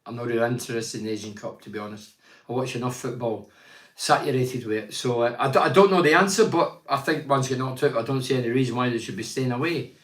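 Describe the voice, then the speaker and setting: A man's voice: mid-range voice, fast talker, fairly bright tone. Blunt, opinionated older man, echoey room. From Teesside. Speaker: host reading viewer comments. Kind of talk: casual chat.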